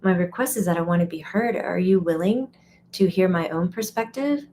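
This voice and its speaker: A woman hosting a casual live stream, chatty and animated, breaking into quoted voices and laughing often. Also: on the low side, moderate pace, a little hiss or hum. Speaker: medium and teacher. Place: home or studio, live stream.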